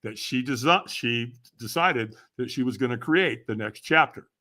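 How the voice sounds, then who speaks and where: An older man, a podcast guest, telling stories in a casual interview, animated and often laughing as he talks. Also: medium pitch, normal speed.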